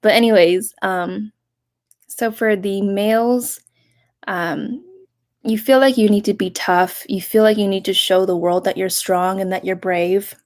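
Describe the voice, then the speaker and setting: A young woman giving a casual live-stream reading, talking softly and rambling, breaking off to greet viewers with sudden excitement. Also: medium pitch, unhurried. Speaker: live tarot reader.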